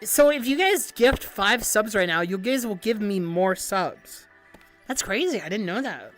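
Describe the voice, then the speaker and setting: A young woman streamer chatting casually with viewers, animated and giggly, swearing often and stumbling over restarts. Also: medium pitch, a little slow, soft background music. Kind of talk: casual livestream chat.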